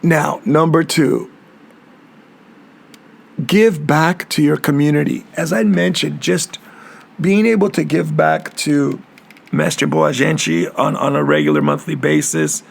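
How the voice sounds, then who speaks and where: Earnest gravelly man hosting a podcast. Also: fairly high pitch, fairly even intonation, unhurried. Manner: warm, earnest, repeats and restarts words. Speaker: capoeira master and podcast host. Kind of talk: reflective solo podcast monologue.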